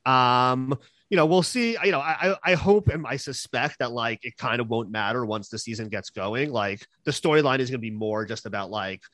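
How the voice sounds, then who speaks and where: A man's voice: mid-range voice, moderate pace, a bit bright, no echo. Hesitant male podcast host, dry sound. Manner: hesitant, lots of fillers and restarts. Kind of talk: casual chat recapping a TV episode.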